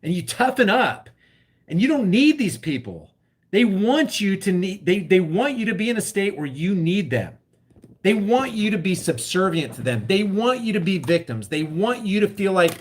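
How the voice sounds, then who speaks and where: Fired-up ranting man, high voice. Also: sing-song, measured pace. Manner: impassioned ranting, acts out scared voices. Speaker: political vlogger reacting to a clip. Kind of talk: live-stream commentary reading comments.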